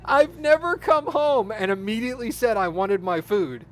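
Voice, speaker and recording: A man's voice: high-pitched, animated, moderate pace, background noise. A man streaming a game, chatting casually and laughing his way through a story. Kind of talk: casual chat while gaming.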